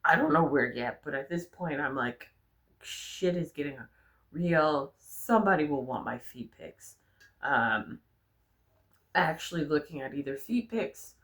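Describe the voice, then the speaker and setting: A young adult woman vlogging, telling personal stories in a frank, animated way and swearing freely. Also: low voice. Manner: frank, profane, animated storyteller. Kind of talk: candid personal storytelling.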